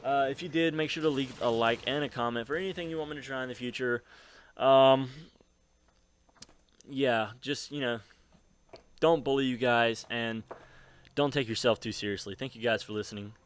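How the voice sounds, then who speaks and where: A man's voice: medium pitch, normal speed, pauses often, clear, resonant tone. A nineteen-year-old man telling a rambling, profane story on his gaming channel, laughing often, into a desk mic. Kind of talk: casual storytelling while gaming. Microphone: desk microphone.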